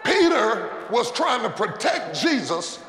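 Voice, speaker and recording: A high-voiced man preaches in a big, echoing church hall with a long reverb, and noise sits clearly under his voice. He calls out refrains and asks the congregation to repeat them back to him. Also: big pitch swings, slow. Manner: preaching with shouted refrains and call-and-response. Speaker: pastor. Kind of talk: sermon. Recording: echoey hall with background noise.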